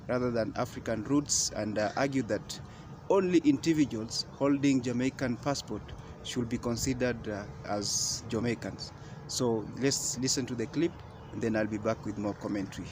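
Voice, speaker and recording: A man introduces his reaction video in a halting way, with filler sounds between phrases. His voice sits at a middle pitch. Clear street and traffic noise runs behind him. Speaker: YouTube commentator.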